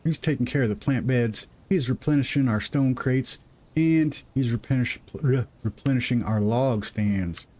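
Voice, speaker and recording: At a moderate pace and in a slightly mellow mid-range voice, a middle-aged man comments live on his gameplay from a desk microphone at home. He hosts the stream in a rambling, self-deprecating way while describing his progress.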